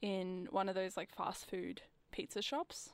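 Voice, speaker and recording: Young woman, casual radio guest, rambling and filler-heavy, mid-pitched, dry studio sound. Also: level tone, a little slow, clear, resonant tone, no room sound. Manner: chatty, lots of "like" fillers, acts out customers.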